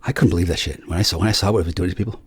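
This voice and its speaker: A man's voice: low voice, fairly even intonation, racing, husky, no room sound. A man delivering an angry, profane solo rant, stammering through restarts as he jabs at his listeners.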